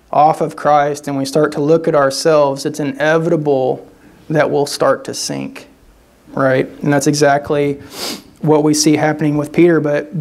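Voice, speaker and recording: A guest speaker giving a sermon in a fairly high-pitched male voice. He preaches in an easy, conversational way, often circling back and restarting phrases and checking in with the congregation. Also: darkish tone. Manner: conversational preaching with frequent "right?" tags and restarts.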